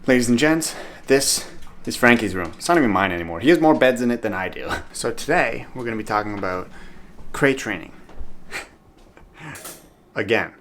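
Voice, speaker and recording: A man's voice: fairly low pitch, animated, normal speed, long pauses, fairly bright tone, slight background noise. Upbeat chatty man vlogging at home. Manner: upbeat, chatty, earnest advice. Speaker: dog owner vlogger. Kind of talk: casual vlog talk to camera. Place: room at home.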